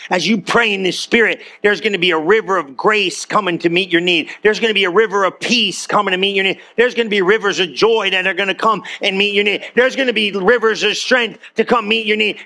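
Pastor, male, bright high voice, folksy preaching with lots of questions and repetition. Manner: conversational, jokey preaching with rhetorical questions; repeats phrases, drops into a low soft voice for scripture. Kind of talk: sermon.

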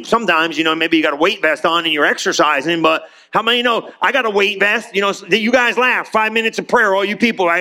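High, bright-voiced man preaching casually. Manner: conversational, acts out quoted voices; repeats himself with restarts. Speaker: pastor. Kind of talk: lively sermon.

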